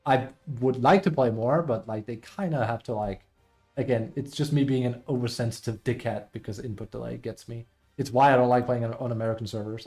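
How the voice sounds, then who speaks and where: A man's voice: mid-range voice, a little fast, darkish tone, soft background music. A man streaming live and chatting casually with viewers, rambling and self-deprecating as he reads chat aloud.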